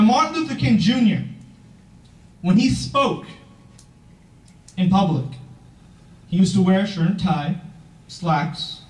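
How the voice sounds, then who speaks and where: Teen boy, earnest motivational speaker, high voice, mic far off in a reverberant room. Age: teens. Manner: earnest, emphatic, asks the audience questions. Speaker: youth founder giving a talk. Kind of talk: motivational speech. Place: event room, heard from a distance.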